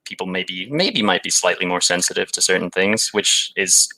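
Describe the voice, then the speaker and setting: A young English man from London, his accent partly Americanized, talking in a deadpan way as a guest in a casual interview. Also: low-pitched, normal speed, poor audio. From England (London).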